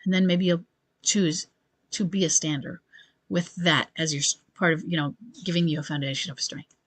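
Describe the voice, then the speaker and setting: A woman's voice: fairly low pitch, steady tone, moderate pace, breathy edge. Earnest woman giving marriage advice. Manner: earnest and reassuring, often checks in with "okay?"; thinks aloud with restarts and self-corrections. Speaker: marriage coach answering listener questions. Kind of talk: advice monologue to camera.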